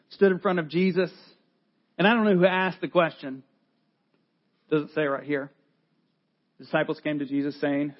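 A man in his forties preaches a sermon, his voice sitting fairly high. He speaks earnestly and conversationally and often restarts his phrases. The audio is slightly dull and lo-fi. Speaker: pastor.

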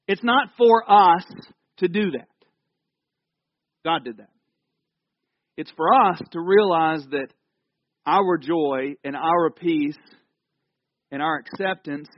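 A male pastor preaching a sermon in a conversational way, swinging from loud, lively storytelling to hushed, quiet moments. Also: sits high, a little slow, pauses often, dry recording, muffled recording.

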